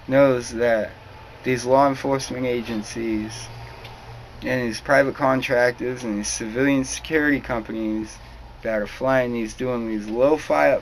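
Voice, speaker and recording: Young man, profane rambling rant, mid-pitch, faint hiss behind. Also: rough recording. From New England. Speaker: vlogger. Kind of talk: ranting monologue to camera.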